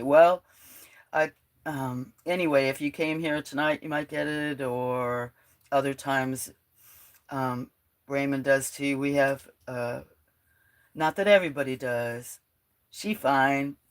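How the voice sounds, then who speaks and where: A woman with a croaky, frog-like voice hosting a casual livestream, rambling, laughing often and reading out her chat. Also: extremely low pitch. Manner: chatty, rambling, laughs often, drops to a near whisper at times. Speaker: livestream host.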